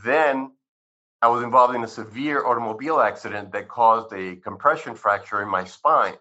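Speaking at normal speed in a pushed, bright voice of medium pitch, a sixty-something chiropractor tells his life story to an interviewer. The talk wanders, loaded with fillers and quotes he acts out. The audio is slightly muffled.

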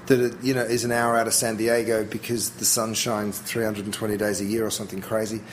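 Chatty Australian man, relaxed interview. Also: fairly low pitch, brisk, slight background noise, rough recording. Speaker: chef, interview guest. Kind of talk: casual interview chat.

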